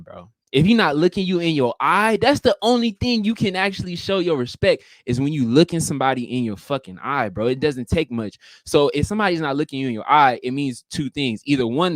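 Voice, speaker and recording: A man's voice: medium pitch, a bit bright, no echo. A man hosting a casual livestream, talking in a profane, emphatic way and acting out greetings. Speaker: livestream host.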